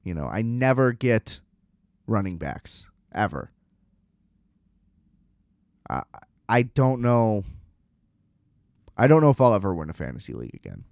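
A man's voice: on the low side, big pitch swings, unhurried, creaky, pauses often, a little mellow, no room sound. A man casually telling a rambling, self-deprecating story, often laughing at himself.

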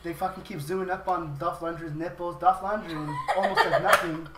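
A man's voice: fairly high pitch, steady tone, brisk, recorded from a distance, very noisy. A man chatting casually and profanely, rambling and laughing as he retells a movie. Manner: laughing often, rambling, acting out quoted lines. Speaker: podcast host retelling a movie. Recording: roomy, off-mic with crowd chatter.

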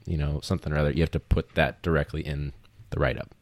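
A young man hosting a casual podcast, rambling with lots of fillers and quick laughs. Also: a bass voice, little pitch movement, no echo. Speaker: podcast host, teacher.

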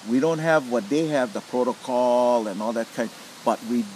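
Man, Hawaiian Pidgin accent, middle-aged, animated storytelling, mid-range pitch, faint background hiss. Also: normal speed, rough recording. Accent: Hawaiian Pidgin English. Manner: animated, acts out quoted voices. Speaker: lomi lomi practitioner. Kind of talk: storytelling interview.

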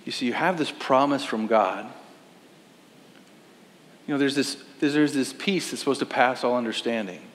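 A man's voice: mid-range voice, moderate pace, long pauses. A man, a pastor, preaching a sermon in earnest with rhetorical questions. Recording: reverberant hall.

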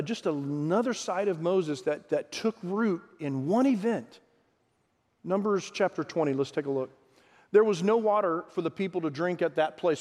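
A man preaching a sermon with a fairly high voice, speaking casually and turning to his listeners with questions. His words ring out with a long reverb, as in a large hall. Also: a little mellow. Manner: conversational preaching with asides to the congregation. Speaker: pastor.

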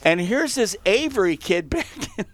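A man telling a story in casual chat as a host, animated and acting out the quotes, with frequent laughs. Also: high-pitched, moderate pace, a little hiss or hum.

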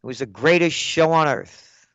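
A man's voice: a little high, moderate pace, fairly bright tone, dry recording. An older man giving an angry, sarcastic political rant as a commentator, punchy and blunt, in a dull, dry recording.

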